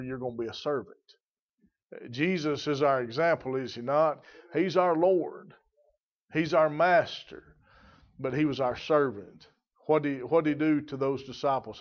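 A pastor delivers an earnest sermon, asking the congregation questions and swinging between loud emphasis and quiet asides. His voice sits at an ordinary middle pitch. The church recording is dull and lo-fi. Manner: earnest preaching with rhetorical questions, ups and downs in loudness.

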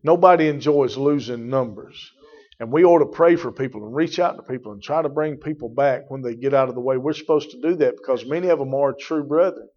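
At a slightly quick clip and medium pitch, a male pastor drives his sermon home with emphatic repetition, addressing congregants by name. The sound is muffled, lo-fi church audio.

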